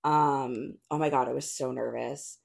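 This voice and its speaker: A woman's voice: very deep voice, unhurried, creaky. A woman, a podcast guest telling a story in casual chat, full of "like" and "um" fillers. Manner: chatty, many "like" and "um" fillers, animated retellings. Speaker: podcast guest, retired roller derby skater.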